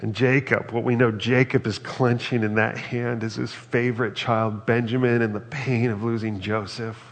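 A man's voice: medium pitch, little pitch movement, moderate pace, in a large hall. A man preaching a reflective, earnest sermon and reading scripture aloud. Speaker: pastor.

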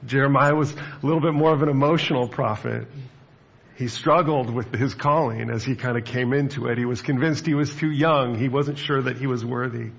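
A man's voice: medium pitch, fairly even intonation, brisk, gravelly, husky, muffled recording. A man preaching a sermon as pastor, in a conversational way with fillers and friendly asides.

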